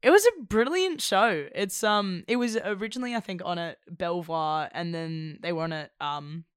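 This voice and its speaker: Casual chat, animated, laughs mid-sentence, middle pitch, dry sound. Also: moderate pace, smooth, no room sound. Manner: animated, heavy use of "like", laughs while talking.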